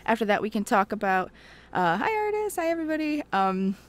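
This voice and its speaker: A woman's voice: mid-range voice, sing-song, brisk. A woman hosting a casual game livestream, chatting with viewers, giggling often and telling jokes. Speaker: streamer host.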